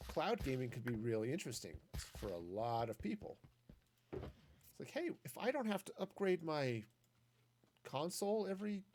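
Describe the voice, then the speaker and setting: A man with a mid-range, somewhat mellow voice streams a game, chatting casually and thinking out loud with frequent restarts. There's slight background noise.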